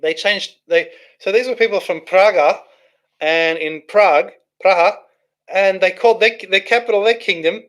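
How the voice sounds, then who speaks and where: Chatty man, slightly high voice. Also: moderate pace, a bit bright. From Australia. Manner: chatty, rambling, thinks aloud with restarts. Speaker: livestream host reading chat. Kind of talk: casual live chat.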